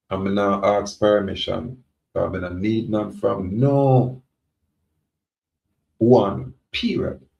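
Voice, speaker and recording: Gravelly Jamaican man, defiant monologue. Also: lowish voice, a little mellow, a little hiss or hum. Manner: defiant, preachy, repetitive. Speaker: self-styled sovereign speaking to viewers. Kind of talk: rambling monologue. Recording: roomy, dull lo-fi recording.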